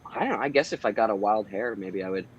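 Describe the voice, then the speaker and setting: A relaxed man with a lowish voice talks through his work in a loose, meandering way, full of ums and false starts. The sound is a bit muffled and dull, like a lo-fi remote call. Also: quick pace, slightly rough. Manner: relaxed, rambling, many "um"s and restarts. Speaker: voice actor guest. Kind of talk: casual interview chat. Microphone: home recording booth.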